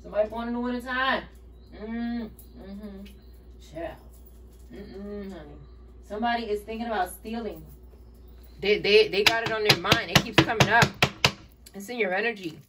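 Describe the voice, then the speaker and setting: Woman, tarot reading, exasperated, cussing, mid pitch, far from mic, light noise and clicks. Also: moderate pace, long pauses. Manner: blunt, profane and exasperated, addressing the listener as child. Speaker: tarot reader.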